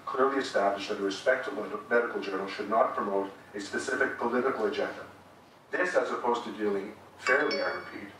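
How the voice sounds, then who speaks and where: A man making a formal debate speech in a lecture hall, measured and emphatic, with wry asides. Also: lowish voice, fairly bright tone, slight background noise. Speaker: debate speaker. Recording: echoey hall recorded from far off.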